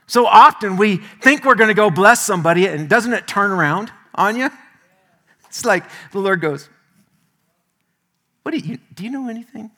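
A male pastor preaching a sermon, telling stories in a folksy, animated way with homely asides. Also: mid-range voice.

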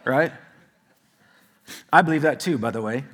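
A man's voice: fairly high pitch, expressive, measured pace, a bit bright. A male pastor preaching a sermon in a conversational way, with asides to the congregation.

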